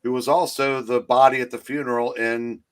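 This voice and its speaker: A man co-hosting a casual movie talk stream, rambling and halting with many restarts, talking into a streaming call mic. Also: mid-range voice, little pitch movement, clean tone. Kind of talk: casual chat.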